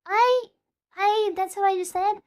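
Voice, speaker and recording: A woman's voice: extremely high pitch, measured pace, darkish tone. A woman VTuber chatting casually on a live stream, bubbly and talkative, dropping playful meows between sentences.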